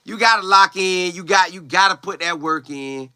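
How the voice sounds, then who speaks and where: A man's voice: high voice, normal speed, sharp tone, smooth, no echo, clean studio sound. Young man chatting loosely on a livestream. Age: young adult. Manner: loose, slangy, chatty, with exclamations. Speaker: college football player livestreaming. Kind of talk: casual live chat, reading viewer comments aloud.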